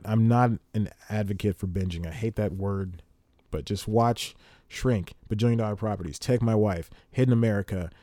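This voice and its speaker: A man's voice: lowish voice, dark tone, no echo. A man hosting a solo comedy podcast, ranting with real heat, going off on rambling tangents and laughing at himself. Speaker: podcast host.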